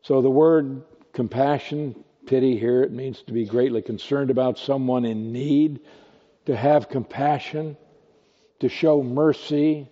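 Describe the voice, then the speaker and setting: A male pastor gives a deliberate, unhurried sermon and asks his listeners rhetorical questions as he teaches. His voice is warm and somewhat husky. The recording sounds dull and lo-fi, with a long reverb trailing through a large hall. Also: medium pitch, steady tone. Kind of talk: expository sermon.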